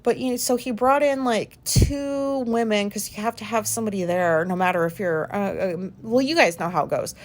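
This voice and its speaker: A woman in her forties, hosting a podcast and talking through an embarrassing memory in a candid, rambling way, self-conscious and quick to swear. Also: mid-range voice. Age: 40s. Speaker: podcast host. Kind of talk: candid personal monologue.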